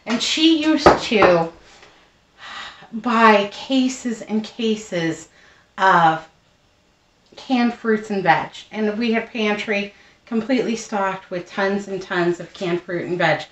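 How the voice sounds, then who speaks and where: A woman's voice: mid-range voice, slow, dull audio. A woman chatting casually through a home cooking how-to, rambling with plenty of fillers and frugal asides. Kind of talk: casual kitchen how-to chat. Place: home kitchen. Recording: roomy echo, distant mic, faint noise.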